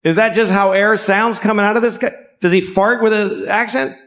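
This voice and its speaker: A man's voice: high-pitched, fairly even intonation, normal speed, fairly bright tone. A middle-aged man doing stand-up comedy in a sarcastic, profane way, slipping into mocking voices.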